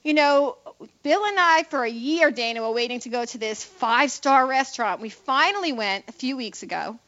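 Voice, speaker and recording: A woman hosting a talk radio show, brash and opinionated, firing off quick asides to her co-host and listeners. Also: high voice, expressive, fairly bright tone. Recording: dull lo-fi radio broadcast.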